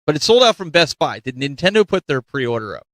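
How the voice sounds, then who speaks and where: A man's voice: a little high, brisk, dry recording. A middle-aged man from Ohio, hosting a casual panel chat and rambling with lots of restarts. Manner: rambling, animated, restarts often. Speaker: podcast host.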